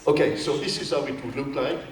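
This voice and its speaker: An artist gives an informal gallery talk about his work in an echoey hall, recorded from a distance with faint room noise. He speaks quickly in a mid-range voice, animated and playful, acting out scenes with quoted voices even though he's tired from jet lag.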